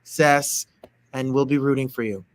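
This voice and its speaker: A man's voice: mid-range voice, steady tone, normal speed. A male interview host, enthusiastic and promotional, often restarting his sentences. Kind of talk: interview hosting, online show.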